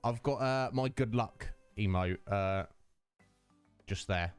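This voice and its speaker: Over soft background music, a male streamer in his thirties chats casually with his viewers, greeting them by name and laughing a lot. His voice is lowish and clean, and he speaks slowly.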